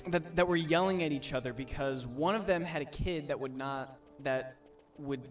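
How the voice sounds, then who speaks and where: A young man co-hosting a game stream, talking in an animated, rambling way. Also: a little high, normal speed, distant mic. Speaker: streamer co-host. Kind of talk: casual storytelling on stream. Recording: stream with faint game music.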